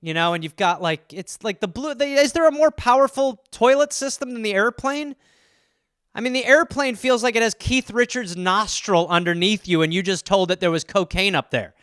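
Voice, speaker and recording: A man hosting a solo comedy podcast, rambling and profane, acting out little scenes in quick voices. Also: high-pitched, a bit bright, clean tone, no room sound, clean studio sound.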